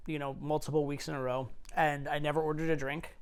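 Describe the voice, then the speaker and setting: A man's voice: on the high side, flat delivery, fast talker, clean tone. A man in his forties, a dating coach, telling stories casually, loose and profane with many fillers. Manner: swearing, filler-heavy, anecdotal. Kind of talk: casual storytelling.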